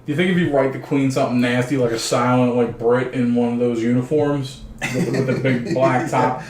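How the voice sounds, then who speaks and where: A man's voice: medium pitch, steady tone, a little fast, a little mellow, far from the mic. A young man co-hosting a podcast, joking crudely and rambling with lots of fillers. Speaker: podcast co-host. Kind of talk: casual banter. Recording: roomy, faint background noise.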